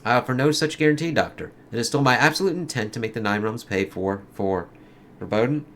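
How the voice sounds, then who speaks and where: A man's voice: mid-range voice, brisk, a bit bright, a little hiss or hum, pitched above the performer's own voice, lightly acted. A man voicing a grandiose, mocking male villain from a comic, read with lofty theatrical phrasing.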